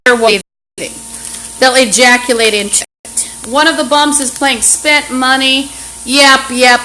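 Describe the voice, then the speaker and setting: High-voiced woman in a rambling rant. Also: bright, forceful tone, low-quality recording. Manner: agitated, rambling, with frequent restarts. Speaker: livestreamer. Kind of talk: rambling live-stream monologue. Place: apartment indoors. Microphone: phone camera app. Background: fan and running water.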